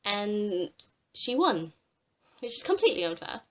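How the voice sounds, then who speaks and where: A young woman delivers an exasperated vlog rant, swearing freely. Her voice sits in an ordinary middle pitch, and she flares into animated outbursts. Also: measured pace, a little hiss or hum. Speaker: vlogger. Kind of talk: ranting commentary.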